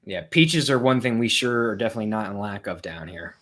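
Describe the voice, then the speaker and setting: A man's voice: lowish voice, animated, brisk, a bit bright. A man co-hosting a casual live movie commentary, rambling and swearing freely as he loses and finds his train of thought. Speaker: co-host.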